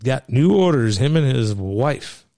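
A man's voice: medium pitch, expressive, measured pace, vocal fry, mellow, no room sound, clean studio sound. A man hosting a podcast, telling crude, rambling, profane stories in casual banter. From Arizona. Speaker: podcast host.

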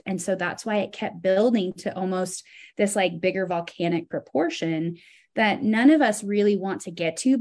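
A woman talking as a podcast guest in casual chat, animated and expressive, her pitch swinging up when she recounts feelings.

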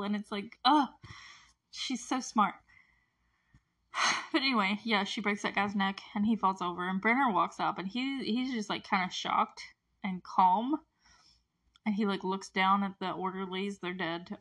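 Chatty woman recapping a TV episode. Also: mid-range voice. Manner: chatty and animated, lots of fillers and tangents. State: close to tears at moments. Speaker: show recap host.

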